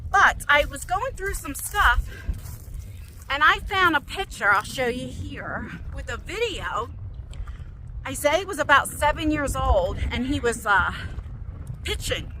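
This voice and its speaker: A woman in her forties chatting casually to her phone while walking around a lake park, rambling and animated as she tells stories. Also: high voice, takes it slowly, slight background noise, low-quality recording. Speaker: vlogger.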